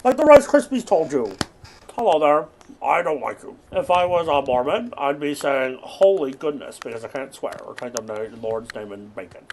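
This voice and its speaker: A young man giving rambling, absurd deadpan commentary while playing a video game. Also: mid-range voice, normal speed. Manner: rambling deadpan non-sequitur jokes. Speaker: gaming streamer. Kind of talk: absurd comedic gameplay commentary.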